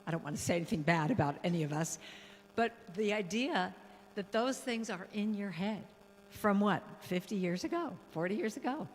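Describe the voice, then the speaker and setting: A woman guest speaker and musician giving a playful, animated spiritual talk in a church hall, now and then breaking into song. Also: medium pitch, moderate pace, slight background noise. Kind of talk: lively spiritual talk with singing.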